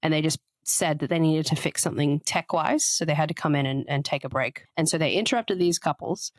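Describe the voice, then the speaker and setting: A woman with a low-pitched voice co-hosts a casual podcast chat. She explains ideas at length in a chatty, explanatory way. Her voice sounds dry and close, with no room echo. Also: a little fast. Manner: explanatory, chatty, often reads out quotes. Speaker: podcast co-host.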